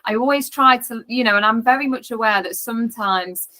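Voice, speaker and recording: A woman's voice: a little high, brisk, bright, forceful tone. A woman guest in a casual chat, agreeing and thinking aloud with lots of fillers.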